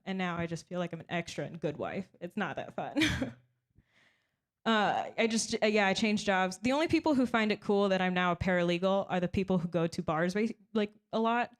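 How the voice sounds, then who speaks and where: A young woman performing a stand-up comedy set, deadpan and self-mocking, often breaking into little laughs. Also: mid-range voice, brisk.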